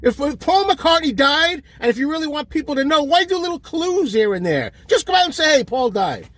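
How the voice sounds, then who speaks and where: A man's voice: very high voice, expressive, a little fast, a bit bright, no echo. A man ranting in an exasperated comedic tirade and insulting his listeners. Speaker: comic ranting host. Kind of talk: comedic rant.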